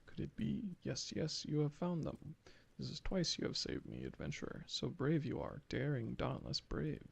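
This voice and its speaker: A man's voice: a little high, wildly swooping pitch, normal speed, gravelly, slightly rough, heavily acted. A man voicing a fretful, dramatic little kobold alchemist who repeats itself in strings of synonyms. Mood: pleading. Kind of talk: reading game dialogue aloud.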